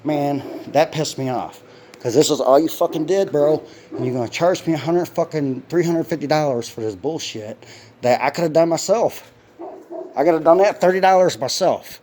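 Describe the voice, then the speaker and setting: A man's voice: a little high, normal speed, dark tone, a little hiss or hum. A young man ranting on a handheld phone video outside his house, angry and profane, with blunt slang and an irritable edge from constant pain. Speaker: homeowner vlogging. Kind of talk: ranting vlog.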